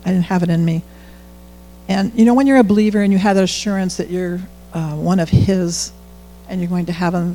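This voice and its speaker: A man's voice: high voice, dark tone, slight background noise, rough recording. A middle-aged man giving a candid, conversational testimony in church, often quoting his own prayers aloud. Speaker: church speaker sharing testimony. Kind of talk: informal sermon testimony.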